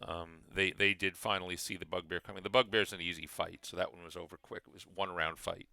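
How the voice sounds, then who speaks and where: Bright, gravelly game master explaining. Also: male voice, low voice, fairly even intonation, brisk, no echo. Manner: rambling, frequent restarts and fillers. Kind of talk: explaining adventure design.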